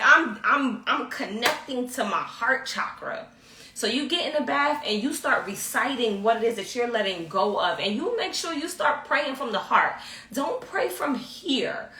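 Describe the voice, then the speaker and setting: A woman with a fairly high, bright voice gives step-by-step spiritual instructions to viewers. She is emphatic and repeats her points. She is recorded from a distance in an echoey room. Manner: emphatic, repetitive, often checks in with "okay?". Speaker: yoga therapist teaching spiritual rituals.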